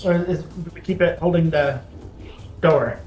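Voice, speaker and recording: A man playing a tabletop game who talks in a halting way, thinking aloud as he decides. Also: a little high, a little mellow. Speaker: player. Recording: roomy echo, faint music behind.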